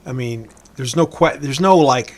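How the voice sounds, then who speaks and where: Halting, stammering male podcast host. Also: mid-range voice. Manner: halting, stammers and restarts a lot. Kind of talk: casual podcast interview.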